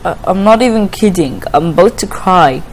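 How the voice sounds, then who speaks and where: A woman's voice: fairly low pitch, lively intonation, moderate pace, slight background noise, low-quality recording. A woman giving casual let's-play commentary on a story game, emotional, often pleading and exclaiming. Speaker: gamer playing a story game.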